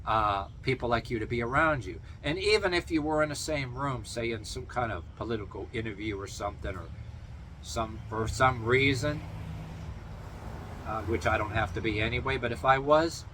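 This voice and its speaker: A man's voice: medium pitch, normal speed, bright, forceful tone, a little hiss or hum. A man delivering a meandering opinion monologue as a vlogger, swearing freely and half-laughing as he talks. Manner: meandering, profane, chuckling.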